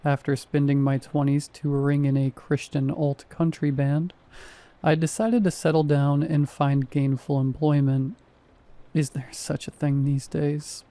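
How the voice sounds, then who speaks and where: A man in his thirties reading a first-person horror story in a measured, wry, deadpan way. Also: on the high side, dry recording. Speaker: narrator.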